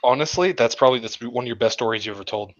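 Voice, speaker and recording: A man's voice: medium pitch, rapid-fire, lo-fi sound, very noisy. A man co-hosting a casual podcast who speaks in incredulous, stammering questions and swears often. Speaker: podcast co-host.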